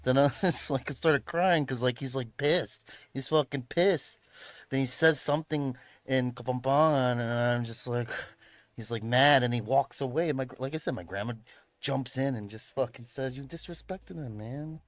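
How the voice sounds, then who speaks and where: A medium-pitched male voice at normal speed, recorded dry. The speaker is a young man from the Chicago area, USA, casually telling a livestream story while swearing a lot, laughing often and saying "bro" and "man."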